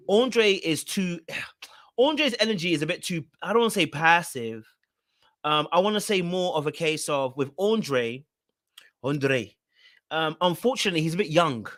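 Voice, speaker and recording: A man's voice: a little high, a bit bright, no echo, clean studio sound. A man hosting a casual reality TV recap. He talks straight to his viewers and repeats words for emphasis.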